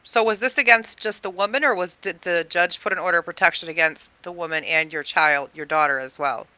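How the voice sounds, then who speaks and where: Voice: mid-range voice, fairly quick, sharp tone, rough recording. An interviewer asking careful clarifying questions and summing up the guest's answers. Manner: careful, clarifying, recaps what was said.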